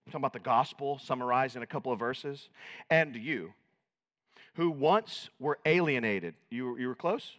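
Dramatic pastor in a reverberant hall. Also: male voice, mid-range voice, lively intonation, normal speed. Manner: dramatic, swinging from shouted to hushed. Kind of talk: sermon.

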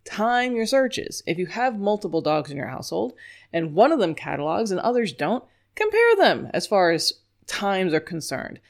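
A woman's voice: medium pitch, sing-song, normal speed. A woman from New York who trains scent work dogs, giving an informal teaching talk in a chatty, emphatic way and often laughing at her own points.

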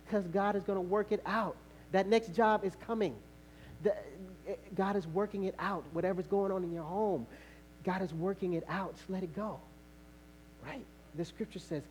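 High-voiced animated preacher man. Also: moderate pace, slight background noise, poor audio. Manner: animated, storytelling with acted-out dialogue and repetition. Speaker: pastor. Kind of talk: sermon.

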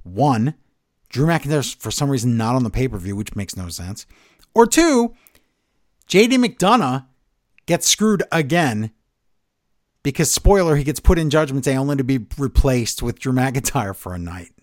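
A man co-hosting a wrestling podcast, recapping shows in a sarcastic, animated way and acting out what the wrestlers said. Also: mid-range voice, moderate pace, dry recording, clean studio sound. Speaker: podcast co-host. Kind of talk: casual wrestling recap chat.

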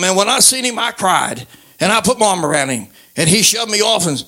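An older man giving a fervent, emotional church testimony, with folksy grammar and loud outbursts. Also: sits high, sing-song, a little fast.

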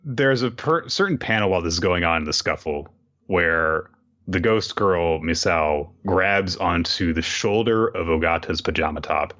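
A man's voice: low-pitched, moderate pace, a bit bright. A man in casual chat, making dry, wry asides. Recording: dull lo-fi recording.

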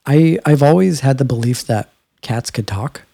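A man's voice: medium pitch, lively intonation, normal speed, creaky, dark tone, no room sound. A man co-hosting a casual chat, rambling through stories with lots of fillers. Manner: rambling, storytelling with filler words.

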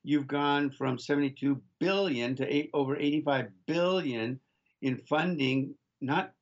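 A man's voice: a little high, a little slow. Emphatic older male co-host on dull line. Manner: emphatic, restarts often, addresses listeners as folks. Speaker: radio co-host. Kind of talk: political talk radio commentary. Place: remote location, off-site from studio.

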